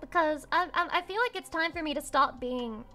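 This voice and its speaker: A woman livestreamer chatting casually with her viewers, excitable and swearing freely. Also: high-pitched, a little fast, soft background music. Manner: excitable and swearing, with squeals and laughs.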